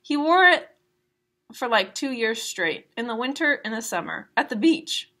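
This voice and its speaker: A woman's voice: on the high side, big pitch swings, a little slow, bright, forceful tone, voice pushed up, full character voice. A woman reading aloud the lines of a chatty, slightly proud teenage girl in a novel.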